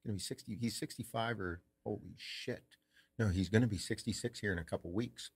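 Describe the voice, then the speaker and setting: A man's voice: lowish voice, a little fast, slightly rough. A man co-hosting a podcast, telling a story in casual chat. He swears freely, acts out quoted lines and laughs often. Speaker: podcast co-host.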